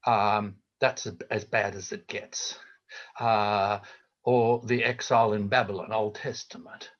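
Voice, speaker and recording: An older man with an Australian accent, speaking as a theologian guest over a video call in a measured, reflective way. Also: fairly low pitch, little pitch movement. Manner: measured, reflective, hesitant with fillers. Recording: dull lo-fi video call audio.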